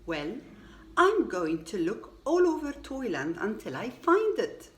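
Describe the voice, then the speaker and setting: A woman voicing an eager, excitable little toy boy in a storybook reading. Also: a little high, measured pace. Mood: excited.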